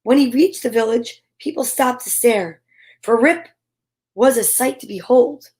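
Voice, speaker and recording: A woman reading a children's storybook aloud in a gentle, expressive way, adding chatty asides between pages. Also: a little high, a little slow.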